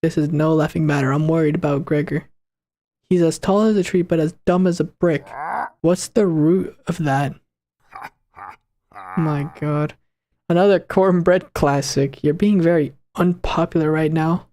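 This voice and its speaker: A man casually commenting on a game he plays for the first time, reading its lines aloud and bursting into slangy, excitable reactions. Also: a little high, measured pace. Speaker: gaming channel host.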